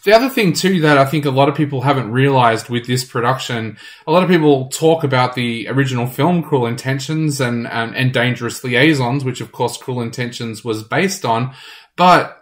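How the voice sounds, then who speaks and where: A man hosting a radio show, praising a stage musical with enthusiasm and quick self-corrections. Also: medium pitch. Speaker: radio host reviewing a musical. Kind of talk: casual review chat.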